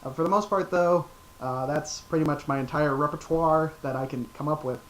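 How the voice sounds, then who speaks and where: A young man chatting casually to his viewers in a relaxed, rambling way. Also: a little high, brisk, a little hiss or hum, poor audio. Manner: relaxed, rambling, lots of fillers. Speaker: vlogger. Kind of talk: casual chat.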